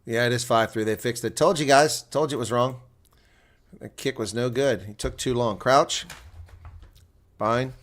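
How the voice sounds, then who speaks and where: Bright-voiced male rugby play-by-play commentator. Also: mid-range voice, moderate pace, long pauses. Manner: excitable, rising to near shouting on attacking plays. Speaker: live reaction commentator.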